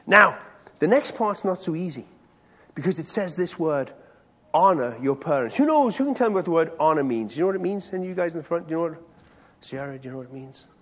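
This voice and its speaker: Lively high-pitched man preaching. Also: fast talker. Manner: conversational, questions the audience directly. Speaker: pastor. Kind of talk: sermon to a congregation. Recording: long hall reverb.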